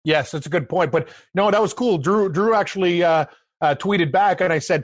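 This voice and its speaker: A man's voice: sits high, normal speed, no echo. A man co-hosting a sports betting podcast, chatting casually with a joking, self-deprecating manner. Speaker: podcast co-host.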